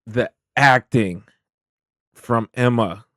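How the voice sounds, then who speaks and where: A man's voice: medium pitch, extremely slow, dry recording, clean studio sound. A man co-hosting a reaction show, casually breaking down a TV episode and acting out how he reacted. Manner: animated storyteller, acts out his own reactions. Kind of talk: casual chat reviewing a TV episode.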